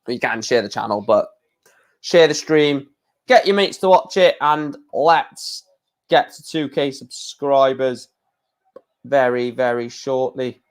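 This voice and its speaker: A man's voice: mid-range voice, slow pace, clear, resonant tone. A young man hosting a casual live stream, chatting in a rambling way and often correcting himself.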